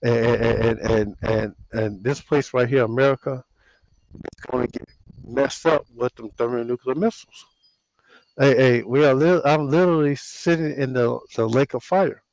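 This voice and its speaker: A man preaching casually outdoors on his porch, halting with long runs of repeated fillers and restarts in a warning tone. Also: mid-range voice, darkish tone, no echo, rough recording. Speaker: religious video host. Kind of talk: casual street sermon.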